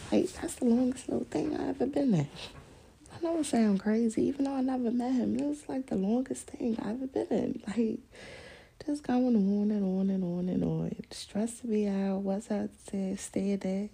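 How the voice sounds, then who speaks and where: A woman talks on her podcast in a loose, rambling monologue, blunt and full of swearing, laughing as she goes. Her voice is gravelly and husky, with a rough edge to it. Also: a little high, normal speed, mellow. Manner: candid, profane, laughs often; rambling storytelling. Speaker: podcast host. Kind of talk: casual monologue.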